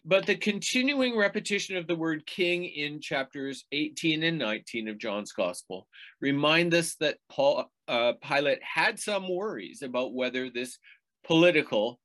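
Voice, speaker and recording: A man preaching a sermon in a measured teaching tone, now and then asking the listeners rhetorical questions. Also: a little high, lively intonation, a bit bright.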